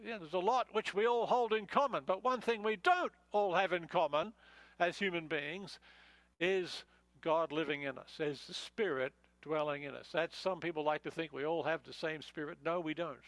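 Male pastor, high voice, dry close sound, chatty Bible teaching with frequent "uh"s. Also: moderate pace, a bit bright, dry recording, poor audio. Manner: conversational, many fillers and restarts. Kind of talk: expository sermon.

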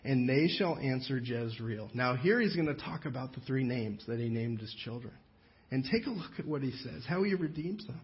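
A pastor delivers a sermon in an easy, conversational manner, slowing right down to read scripture aloud and often restarting his sentences. His voice sits at an average pitch for a man. The recording sounds a little dull and muffled. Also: expressive. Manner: conversational preaching with slow, careful scripture reading and frequent restarts.

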